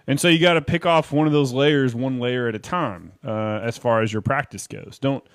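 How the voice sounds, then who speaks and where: Guy giving a laid-back drum lesson, counts out triplets, faint drums and music behind. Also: medium pitch. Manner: chatty, counts rhythms aloud. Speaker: drum teacher. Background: drum kit playing.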